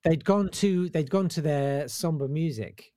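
A man's voice: fairly high pitch, measured pace, a crowd in the background. A man who tells a comic story in casual chat and acts out the voices.

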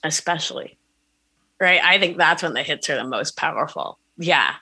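A woman guest on a podcast, talking in an animated way about mindfulness and often asking "right?". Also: sits low, normal speed, vocal fry, slightly rough. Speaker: podcast guest, wellness coach. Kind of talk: conversational interview.

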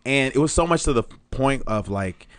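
A man with a Jamaican accent, a podcast guest chatting in a jokey, animated way. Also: medium pitch, normal speed, clean tone, dry recording. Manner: animated, jokey, full of impressions. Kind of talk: casual chat.

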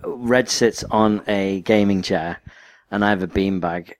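A young man with a northwest English accent from near Liverpool chats loosely on a podcast, tumbling through self-mocking stories. His voice sits on the low side. The recording is close and dry, with no room sound. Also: measured pace, no room sound. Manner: rambling, self-mocking banter. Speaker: podcast co-host. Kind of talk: casual chat.

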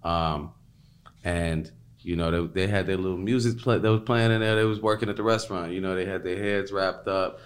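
A man's voice: low-pitched, fairly even intonation, fairly quick. A man talking in a loose, rambling casual chat, full of fillers and repeats. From Chicago.

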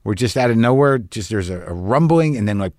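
A man's voice: lowish voice, expressive, a little fast, darkish tone, dry recording. Profane rambling man, dry close sound. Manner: profane, wry, anxious rambling. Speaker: podcast host. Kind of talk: rambling casual monologue. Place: lives on the West Coast.

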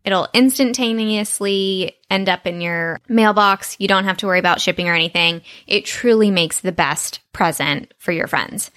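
A woman's voice: mid-range voice, normal speed, few pauses, fairly bright tone. A woman with a Southern US accent co-hosting a podcast in casual, chatty talk, laughing often. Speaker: podcast co-host. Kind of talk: casual chat.

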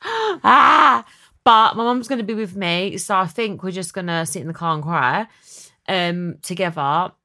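A young woman hosting a podcast, chatty and dramatic in a casual chat. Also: sharp tone. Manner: chatty and dramatic, quick swings in pitch. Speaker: podcast host.

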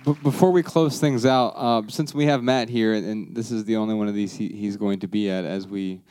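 An American man speaking at a live Q&A, calmly explaining his view. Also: lowish voice, brisk, clean tone. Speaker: panelist and co-host of the Q&A. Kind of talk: live Q&A talk.

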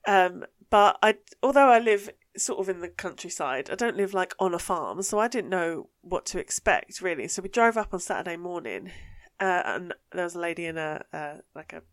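A young woman hosting a podcast, telling an animated story in casual chat, swearing freely and laughing as she goes. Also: on the low side, normal speed, hardly any pauses, dry recording, studio quality. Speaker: podcast host.

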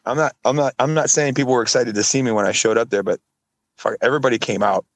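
A man's voice: fast talker, dry recording. A man co-hosting a podcast, telling stories in casual chat and acting out what others said. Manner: animated storyteller, acts out others in high voices. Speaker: podcast co-host.

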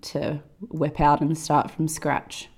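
A woman's voice: low voice, monotone, takes it slowly, darkish tone, slightly rough. A woman in her late twenties co-hosting a podcast, teasing her friend in a playful, rambling way. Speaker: podcast co-host. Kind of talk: casual chat.

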